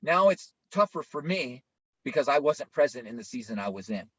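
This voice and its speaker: A man's voice: medium pitch, sing-song, normal speed, a bit bright, breathy edge, dry recording. A male pastor preaching an informal, conversational sermon, often checking in with listeners by asking "right?". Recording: dull lo-fi, dry sound.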